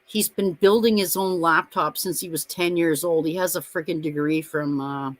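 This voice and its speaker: A middle-aged co-host of a live watch-party stream, in loose casual chat. The voice sits at an ordinary pitch, and the talk wanders through profane stories broken up by frequent laughter. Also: steady tone, normal speed, fairly bright tone. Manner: rambling, profane storyteller who laughs often.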